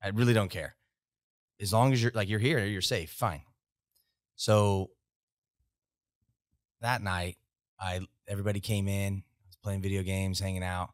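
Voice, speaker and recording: An American man in his thirties, a veteran guest on a podcast, tells profane army stories in an animated, casual way. His voice is deep and measured, with frequent pauses. The audio is dry, studio-quality sound from a podcast studio mic.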